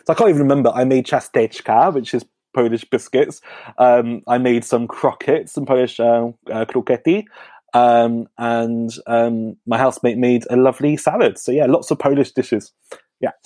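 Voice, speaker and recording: A man's voice: mid-range voice, fairly even intonation, normal speed, mellow, no room sound. A British man, a guest comedian, chatting casually on a podcast, rambling with lots of ums and self-deprecating asides.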